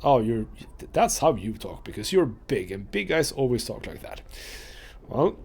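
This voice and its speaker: Male let's play host, husky and animated, casual rambling commentary. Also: mid-range voice, a little slow. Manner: chatty, rambling with fillers. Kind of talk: casual game commentary, reading dialogue aloud.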